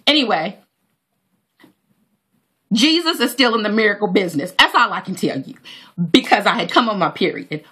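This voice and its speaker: A woman's voice: medium pitch, animated, fairly quick, bright, forceful tone, husky. A woman, telling a heartfelt personal story to her viewers with many fillers and praise for God. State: near tears. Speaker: vlogger.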